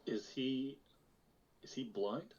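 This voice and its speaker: A man's voice: medium pitch, slow pace, darkish tone. A man playing a tabletop game, asking questions and reading out his character's written notes. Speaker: player. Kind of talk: tabletop role-play chat. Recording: dull lo-fi mic.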